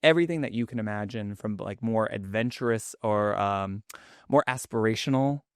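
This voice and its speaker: A man's voice: fairly low pitch, moderate pace, smooth, no echo, clean studio sound. A man in his thirties with a New York Queens accent, a cookbook author chatting as a podcast guest in an effusive way. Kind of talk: casual podcast chat.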